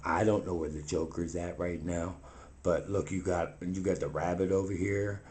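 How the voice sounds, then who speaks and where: A man voicing a cookie-obsessed monster who preaches slowly in a very deep, drawling voice. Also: flat delivery, a little mellow, lightly acted. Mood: mellow. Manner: solemn preaching about a cookie god.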